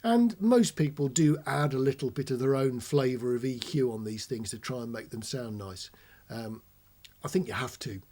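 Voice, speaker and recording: A man hosting an informal technical explainer, chatty, switching between quiet talk and loud shouting into a close commentary mic. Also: medium pitch, normal speed. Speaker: host demonstrating audio gear. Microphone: close ribbon commentary mic.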